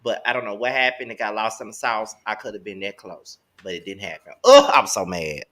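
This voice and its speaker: A man co-hosting a casual celebrity gossip chat, talking with animated swings between loud and soft. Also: fairly low pitch, fast. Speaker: co-host.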